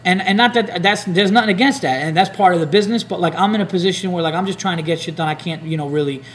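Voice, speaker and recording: A man's voice: high voice, quick pace. Profane man telling a rambling story. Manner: rambling, profane, acts out hecklers' lines. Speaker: comedian podcast host. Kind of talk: casual storytelling chat.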